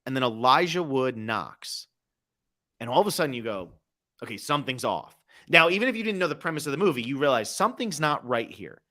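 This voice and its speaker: Brief: young man, podcast co-host, bright tone, lively storyteller. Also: mid-range voice, fast. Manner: animated storyteller, acts out quotes. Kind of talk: casual movie chat.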